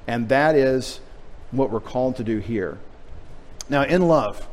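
Unhurried and given to long pauses, a middle-aged Texan pastor preaches in church in a mid-range voice. He has a light Texas accent and tosses in chatty, joking asides.

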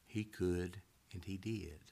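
A man preaching a sermon, swinging from loud rising exhortation down to hushed near-whispers. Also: low voice, slow pace, vocal fry, slightly rough.

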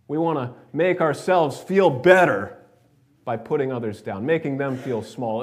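A man's voice: medium pitch, a little mellow. A male pastor with an American accent leading a church service, reading scripture, praying, then preaching in a conversational storytelling way to his congregation. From New York. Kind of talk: sermon with scripture reading and prayer. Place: church sanctuary.

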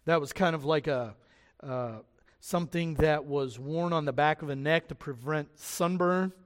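A man preaching a sermon as pastor, animated and lively, acting out the voices of the people he quotes. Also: fairly high pitch, measured pace, in a large hall. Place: church sanctuary.

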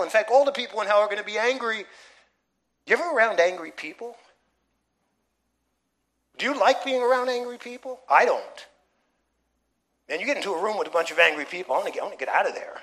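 Bright-voiced preacher man. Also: sits high, animated, fairly quick, long pauses. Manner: emphatic preaching with rhetorical questions. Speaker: pastor. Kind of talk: sermon. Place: church.

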